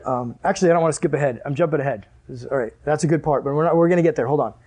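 A man preaching a sermon in a casual, animated way, full of "like" and asides. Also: fairly high pitch, rapid-fire, slightly rough. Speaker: pastor.

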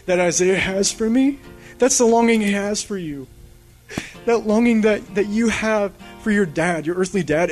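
A man with a fairly high voice preaches in a loose, conversational way, drifting off on tangents before pulling back to his point. He gets animated and urgent as he presses his listeners. Soft guitar strumming plays faintly behind him. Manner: casual, rambling, animated. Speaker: pastor. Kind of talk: sermon.

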